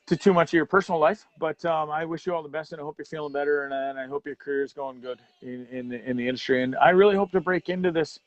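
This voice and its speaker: A man's voice: a little high, no room sound, lo-fi sound. A man hosting a live show, talking candidly and rambling while greeting viewers by name. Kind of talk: livestream chat.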